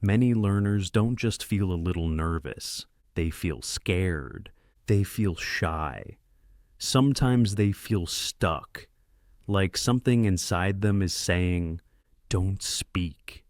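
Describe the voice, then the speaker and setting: A man hosting a podcast, giving a slow, clear, scripted English lesson to beginners in a deliberate, encouraging way that speaks straight to the listener. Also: sits low, lively intonation, darkish tone, no echo, studio quality. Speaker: podcast host and English teacher.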